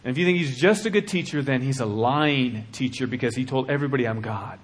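A man preaching a sermon with passion, dropping to a hush and then rising to shouting. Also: mid-range voice, quick pace, slightly rough. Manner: impassioned, swings from hushed to shouting.

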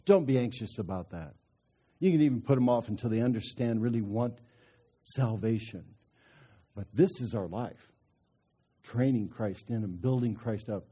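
A man's voice: medium pitch, mellow, breathy edge. A middle-aged man giving a storytelling sermon at a parenting conference, folksy and chuckling through his anecdotes.

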